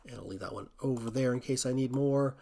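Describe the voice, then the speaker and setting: A man hosting a coding tutorial, thinking aloud in a relaxed way as he walks through a screen recording. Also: mid-range voice, fast talker, vocal fry, a little hiss or hum.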